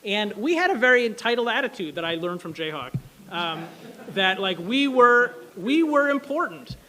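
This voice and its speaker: High-voiced man telling a lively story. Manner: quick, animated, many fillers. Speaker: speaker at an anniversary event. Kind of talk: casual storytelling talk.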